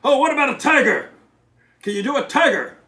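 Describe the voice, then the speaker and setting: A cheerful male dragon puppet, put on by a man, chattering in a high voice that swoops all over. He takes his time with every line, and the room around him rings with echo. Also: lively intonation, a little fast, pushed and bright, recorded from a distance, full character voice. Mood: excited. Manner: bouncy, theatrical, exclaiming. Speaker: puppet character on a children's show. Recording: roomy echo.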